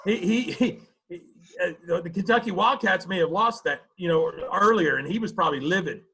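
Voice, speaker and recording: A man's voice: high-pitched, a little fast, creaky, background noise. A man co-hosting a sports talk show, joking and stammering a bit in casual chat. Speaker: podcast co-host.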